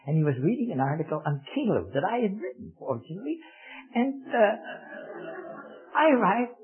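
A man telling a personal missionary travel story as a testimony, with an animated, swooping storyteller's delivery. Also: sits high, moderate pace. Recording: tinny, phone-like lo-fi recording.

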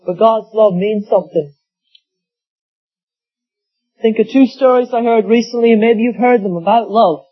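A man's voice: sits high, normal speed, pauses often, soft background music. A man preaching a sermon, telling folksy stories with acted quotes. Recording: dull lo-fi sound.

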